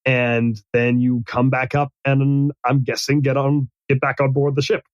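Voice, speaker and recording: A man running a tabletop game as game master, narrating in a halting way with many restarts and fillers. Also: mid-range voice, flat delivery, no echo, dull audio.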